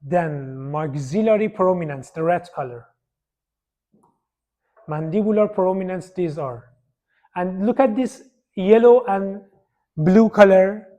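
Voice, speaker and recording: High-voiced man lecturing on slides. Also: a little mellow. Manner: repetitive, pointing at slides, non-native phrasing. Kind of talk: university lecture.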